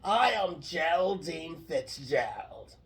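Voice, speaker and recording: A gravelly, chain-smoking older Jersey woman, put on by a man spits threats and calls everyone honey. Her raspy voice sounds worn down by cigarettes, and she is brash and bossy on the line. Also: a little high, animated, slow pace, recorded from a distance, voice pushed up, full character voice, poor audio. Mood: furious. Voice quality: raspy, gravelly smoker's rasp.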